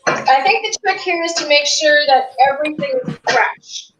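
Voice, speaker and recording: A woman's voice: high voice, expressive, normal speed. A woman from Canada making a dish on a casual video call, casual, apologetic and giggly. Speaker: guest cook. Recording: laptop mic with faint background noise.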